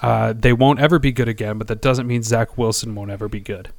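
A man's voice: medium pitch, fairly even intonation, gravelly, dry recording. A man co-hosting a casual sports podcast, rambling and hesitant, often poking fun at himself. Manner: rambling, halting, self-deprecating. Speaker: podcast co-host.

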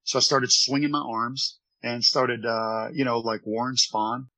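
Husky-voiced man telling a story. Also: mid-range voice, level tone, a little slow, pushed and bright, rough recording. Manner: earnest, rambling anecdotes. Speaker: former baseball pitcher. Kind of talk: storytelling in an interview. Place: his office.

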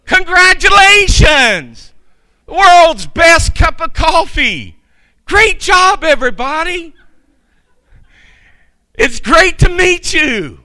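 A man voicing a giddy, overexcited grown man-elf who shouts with wide-eyed excitement. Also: extremely high pitch, slow, pauses often, dry recording, pitched above the performer's own voice, full character voice. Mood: ecstatic.

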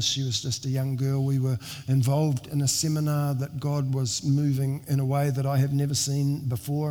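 In a church hall, a middle-aged male pastor delivers a sermon full of stories, his mid-pitched, slightly mellow voice trailing a long echo through the large space. He speaks earnestly and conversationally, frequently starting sentences over and slipping in wry jokes at his own expense.

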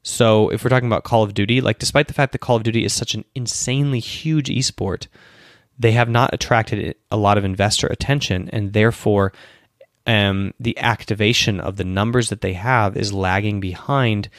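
His voice is on the low side and steady, at normal speed, with no room sound and clean studio quality. Sleepy and yawning early in the day, the podcast host answers questions solo and casually, giving long explanations full of restarts and asides.

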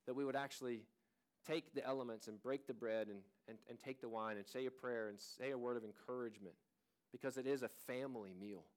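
A man in his thirties preaching a sermon as a pastor, in an earnest, conversational way, often restarting his sentences. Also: mid-range voice.

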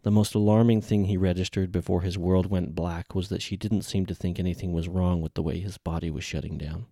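A man reading a novel aloud in measured, even audiobook narration. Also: low-pitched, gravelly, no echo, clean studio sound.

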